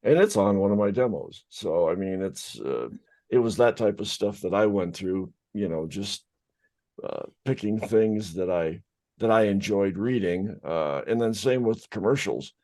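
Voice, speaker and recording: Very low-voiced rambling man. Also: animated, measured pace, warm tone. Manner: rambling, filler-heavy storytelling. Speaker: podcast co-host, voice actor. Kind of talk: casual group chat.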